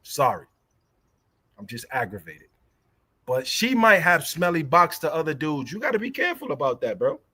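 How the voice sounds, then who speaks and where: A man's voice: a little high, big pitch swings, fairly quick, few pauses, sharp tone. A young adult man, hosting a casual livestream and ranting in a heated, profane way that keeps repeating itself. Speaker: livestream host.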